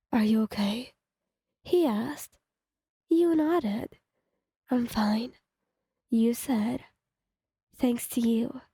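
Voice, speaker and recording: A young woman narrating a second-person fan fiction story in an even, read-aloud delivery. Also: sits high, no echo, studio quality.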